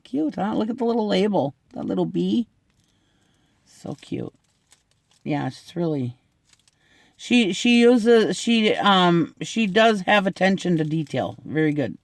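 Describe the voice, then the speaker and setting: A middle-aged man with a slightly high voice chats through an unboxing, gushing and laughing easily as he rambles. The sound is dry and close, with no room around it. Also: very animated, unhurried, gravelly, dry recording. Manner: gushing, chatty, laughs often. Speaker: unboxing vlogger. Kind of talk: casual unboxing chat.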